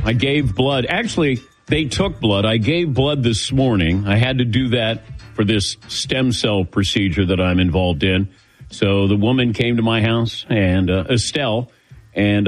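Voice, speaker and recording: A man's voice: fairly low pitch, unhurried, soft background music. A middle-aged man hosting a sports talk show, telling a self-mocking story, lightheaded and acting out the people he quotes. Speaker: sports radio host. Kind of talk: casual talk show chat.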